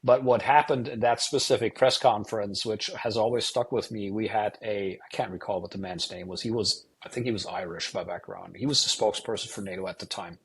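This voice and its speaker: A husky, lower-pitched middle-aged man from Germany who talks as a guest on an interview show. His stories ramble along, with "you know" dropped in every few words. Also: fairly quick, few pauses. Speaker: guest, retired air force officer and wargamer. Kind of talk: casual interview storytelling.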